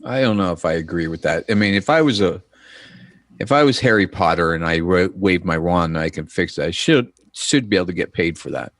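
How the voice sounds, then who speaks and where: Deep-voiced man pushing back with a joke. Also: animated, fairly quick, dry recording. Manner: skeptical, joking. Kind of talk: casual shop talk.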